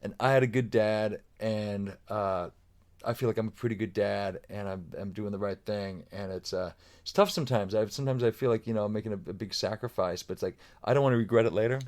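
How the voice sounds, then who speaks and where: A man's voice: lowish voice, brisk, darkish tone. A middle-aged man talking casually as a podcast guest, rambling with many restarts and fillers. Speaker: guest drummer.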